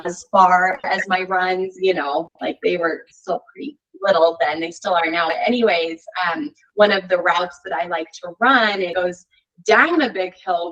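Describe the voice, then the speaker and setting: A woman's voice: fairly low pitch, fairly bright tone, muffled recording. A woman being interviewed on a podcast, telling a story in a chatty way with lots of "like" and "you know". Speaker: podcast guest. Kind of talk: casual interview chat.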